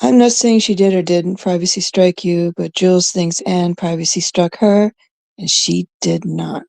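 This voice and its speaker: A young woman from Canada chatting casually with viewers in a rambling way, now and then dropping into hushed asides. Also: on the low side, steady tone, normal speed, gravelly, dry recording. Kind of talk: casual chat.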